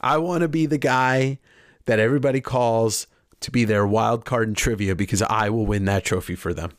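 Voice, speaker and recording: A man's voice: lowish voice, moderate pace. A middle-aged man co-hosting a podcast in casual chat, confident and laughing often, swearing freely. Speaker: podcast co-host.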